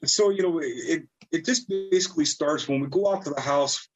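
A man's voice: a little high, moderate pace, lo-fi sound. A middle-aged man, a cabinet designer, talking as a guest in a friendly, easygoing way with many fillers. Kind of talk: casual interview talk.

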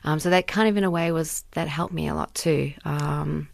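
Low, gravelly-voiced woman telling her story. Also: fairly even intonation, normal speed, no room sound. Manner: candid and earnest, many fillers and restarts. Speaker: guest, activist and survivor. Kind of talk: personal testimony in conversation.

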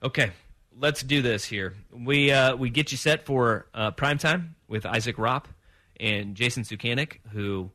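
A man hosting a sports talk radio show, chatting in an animated way and acting out his own reactions. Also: medium pitch, measured pace.

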